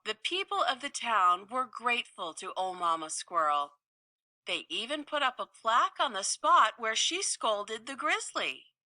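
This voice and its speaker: A woman reading a children's story aloud with slow, playful, expressive delivery. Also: a little high, dry recording, clean studio sound.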